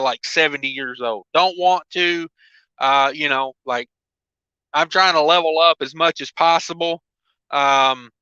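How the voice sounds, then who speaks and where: A man's voice: on the high side, bright, forceful tone, clear, resonant tone, no echo. A man hosting a trucking livestream in casual, rambling chat full of fillers. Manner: rambling, filler-heavy, laid-back. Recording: dull lo-fi dry sound.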